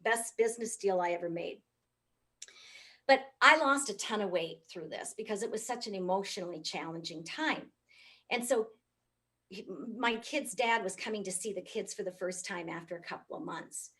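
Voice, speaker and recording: A middle-aged woman from the United States giving a comic, animated keynote talk. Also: medium pitch, moderate pace. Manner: animated, comic, swoops up for punchlines. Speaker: motivational speaker.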